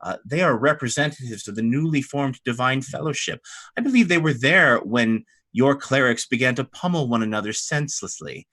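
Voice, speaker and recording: A man's voice: mid-range voice, lively intonation, normal speed, a bit bright, voice pushed up. A man voicing a polished, scheming woman who speaks with mock politeness in a tabletop game. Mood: mock-polite.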